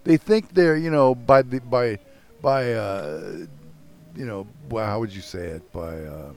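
A man's voice: on the low side, measured pace, a little mellow. An older man hosting a casual podcast chat, ranting with lots of profanity and mocking himself.

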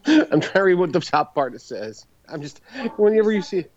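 Lively podcast co-host. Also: male voice, sits high, normal speed, dry recording, highs cut off. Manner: lively, swearing, laughing often. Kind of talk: casual chat.

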